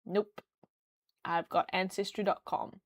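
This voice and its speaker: A woman's voice: fairly low pitch, steady tone, slow pace, no room sound. A young woman chatting casually on a livestream, rambling with lots of fillers. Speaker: streamer.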